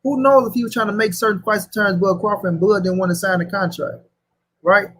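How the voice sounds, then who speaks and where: High husky-voiced man ranting. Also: fairly even intonation, brisk, a bit bright, rough recording. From St. Louis, USA. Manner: profane, slangy, repetitive rant. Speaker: boxing commentary host. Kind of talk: casual boxing talk.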